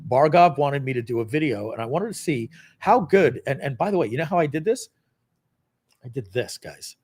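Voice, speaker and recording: A man hosting a live product launch stream, walking viewers through a software demo in a casual, rambling, self-deprecating way with lots of fillers. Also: mid-range voice, expressive, normal speed, breathy edge.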